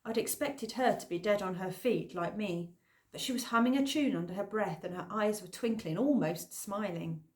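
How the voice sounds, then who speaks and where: A woman narrating an audiobook in an expressive, lively storytelling manner. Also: medium pitch, moderate pace. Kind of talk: scripted narration.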